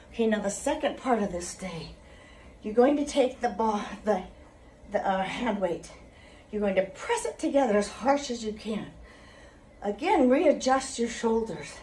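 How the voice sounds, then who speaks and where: A woman's voice: fairly high pitch, darkish tone, a little hiss or hum. A woman fitness instructor talking through an exercise routine step by step, with a cheerful greeting and sign-off. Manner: slow, deliberate coaching with cheerful sign-off.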